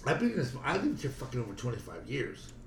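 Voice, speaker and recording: A middle-aged man tells a story in a lively, swinging voice, cursing at every turn and circling back to the same lines. He sits back from the mic in a roomy space, with a faint hiss of noise behind him. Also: mid-range voice, quick pace, recorded from a distance. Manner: swears constantly, repeats himself. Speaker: podcast co-host. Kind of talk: profane storytelling chat.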